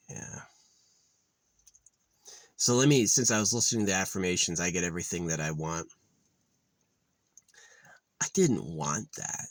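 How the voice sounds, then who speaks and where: Deep-voiced man in a profane rant. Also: no echo. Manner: profane, rambling, gets loud and heated when ranting. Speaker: vlogger. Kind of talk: casual rambling rant.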